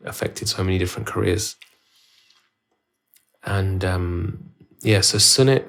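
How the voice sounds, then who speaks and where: A man's voice: sits low, gravelly. A man hosting his own podcast, telling a story in a rambling, loose way with many restarts. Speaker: podcast host. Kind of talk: casual solo podcast storytelling. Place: at home, filming himself.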